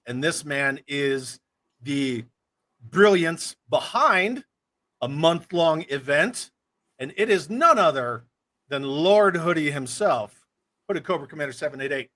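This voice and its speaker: Lively, bright-voiced man hosting a livestream. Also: fairly high pitch. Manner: upbeat, playful banter. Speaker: podcast host. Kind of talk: casual livestream chat.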